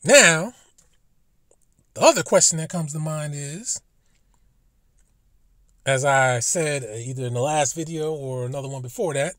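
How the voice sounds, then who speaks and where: A man's voice: a little high, unhurried, long pauses, fairly bright tone, dry recording, studio quality. A man giving a casual commentary monologue as a vlogger, profane and emphatic, with indignant rhetorical questions.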